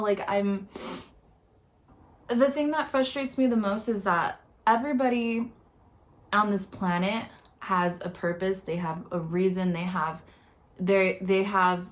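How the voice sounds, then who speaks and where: A young woman talks straight to her viewers in an upset, halting way. She circles back on her words and fills the gaps with constant filler words. Her voice sits in a middle pitch. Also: fairly even intonation. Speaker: vlogger. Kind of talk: emotional reaction commentary.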